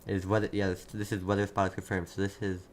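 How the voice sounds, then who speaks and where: A man with a fairly low voice gives live severe weather commentary, urgent and repeating himself as he answers chat. He sits at a desk mic, and faint keyboard typing clicks along behind him. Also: flat delivery, fast, a little hiss or hum. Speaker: livestream weather host.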